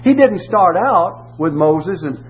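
A man's voice: high-pitched, expressive, slow pace. A man preaching a sermon and reading scripture, emphatic, repeating key words and asking rhetorical questions. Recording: tinny phone-like audio with faint hum.

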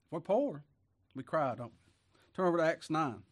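A man's voice: on the high side, lively intonation, normal speed, pauses often. A man preaching a sermon, reading scripture and breaking in with folksy, emphatic asides and rhetorical questions to the congregation.

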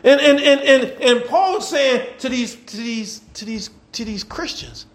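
A man, a pastor preaching a sermon in a church, repeating phrases and building to shouts. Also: very high-pitched, lively intonation, unhurried. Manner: repetitive call-and-response preaching, swelling to shouts.

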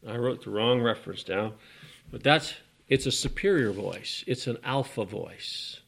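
A man's voice: medium pitch, a little slow, gravelly, a bit bright, husky. A man preaching a folksy, emphatic sermon, with sudden rising bursts.

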